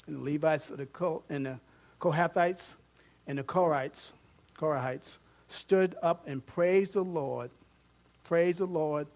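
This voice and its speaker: A man preaching a sermon, reading scripture aloud with growing excitement, joking with and questioning his congregation. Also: fairly high pitch. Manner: animated, rising to loud fervent reading; jokes with the congregation and asks them questions.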